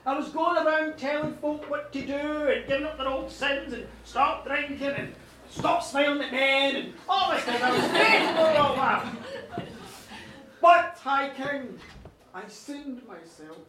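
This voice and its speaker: A man's voice: extremely high pitch, a little slow, bright, forceful tone, full character voice. A man voicing a boastful, sinful medieval monk who stammers through a rambling confession. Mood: confessing. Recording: roomy live recording from a distance.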